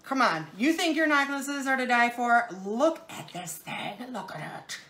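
A woman with a fairly high voice hosts a casual live jewelry sales show. She gushes and jokes in a bubbly, playful way as she shows each piece to her viewers. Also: big pitch swings, measured pace, bright, forceful tone.

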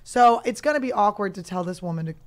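A woman in her thirties hosting a comedy podcast, telling a story in a loose, animated way and laughing often. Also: mid-range voice, fast talker. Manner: animated, laughing, talks over her guest. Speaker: podcast host.

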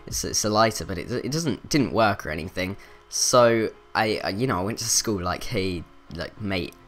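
Man, low voice, rambling casual storytelling, faint music behind. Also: lively intonation, moderate pace, a bit bright. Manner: rambling, filler-heavy, self-interrupting. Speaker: vlogger.

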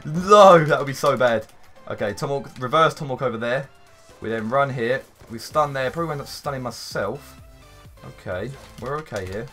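A man commentating his own gameplay for a video, excitable and rambling, swearing now and then and breaking into sudden shouts. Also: mid-range voice, moderate pace, soft background music. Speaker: gaming YouTuber.

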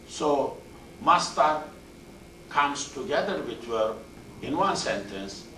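A man's voice: medium pitch, lively intonation, sharp tone. A man with teaching a Quran class, explaining Arabic words one at a time and rattling off verb forms. He sounds far from the microphone in an echoey room. A faint hiss runs under his voice. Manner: explains word by word, repeats terms, recites Arabic verb forms quickly. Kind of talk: classroom tafsir lecture. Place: mosque classroom. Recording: roomy echo, distant mic, faint hiss.

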